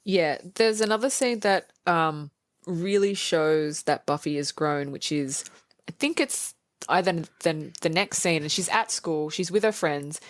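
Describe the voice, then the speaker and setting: A woman talks through a film on a podcast, animated and quick to act out lines from scenes. Her voice sits a little low, and the sound is dry and close. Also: dry recording. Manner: animated, acts out quoted lines. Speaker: podcast co-host. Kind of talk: casual movie review chat.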